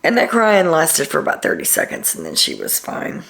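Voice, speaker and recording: A woman's voice: low-pitched, huge pitch swings, moderate pace, gravelly, fairly bright tone. A tired woman chattily recapping a reality show to her viewers, retelling scenes as she goes. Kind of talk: casual recap to camera.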